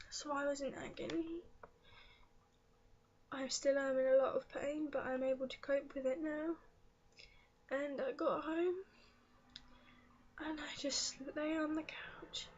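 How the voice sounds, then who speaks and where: A teenage girl talks slowly and softly in a confessional vlog, her high voice halting and often dropping to a tearful whisper. The sound is muffled and lo-fi. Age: teens. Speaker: vlogger.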